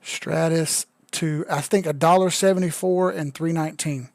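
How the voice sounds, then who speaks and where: A slightly tipsy young man riffs on crypto charts over a live stream, cracking crude jokes as he goes. His voice sits a touch high and sounds close and dry, with no room around it. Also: steady tone, normal speed, a little mellow, no room sound. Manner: loose, joking, profane, says he is drunk. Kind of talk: casual live-stream commentary.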